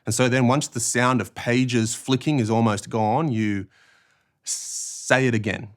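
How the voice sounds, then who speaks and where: A man with an Australian accent giving a measured, clearly phrased instructional talk on reading aloud in church. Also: mid-range voice. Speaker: church ministry trainer.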